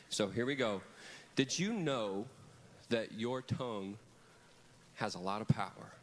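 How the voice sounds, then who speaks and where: Lively man running a kids' church service on a handheld mic, slightly high voice, calls and repeats with the children. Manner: animated, leads call-and-response with kids. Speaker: camp preacher. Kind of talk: children's sermon. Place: large church hall with children. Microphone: handheld microphone.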